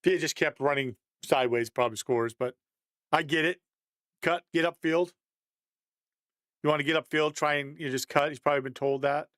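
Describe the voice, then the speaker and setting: A man's voice: a little high, fairly even intonation, a little fast, pauses often, a bit bright, dry recording. A man giving a casual, conversational breakdown of football game film, thinking aloud and chuckling at mistakes.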